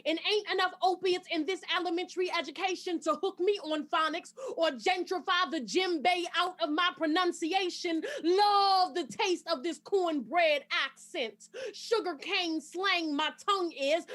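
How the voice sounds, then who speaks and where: A woman's voice: very high-pitched, pushed and bright. A woman performing a spoken word poem with a rhythmic, emphatic delivery.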